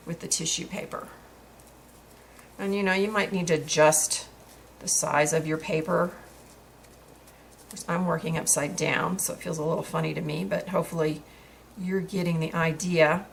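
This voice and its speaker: A woman with a fairly low voice hosts a craft tutorial and explains each step as she works. She talks in a chatty, easygoing way, full of fillers and small restarts. A faint hiss sits under the recording. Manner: chatty, with many fillers and restarts while working.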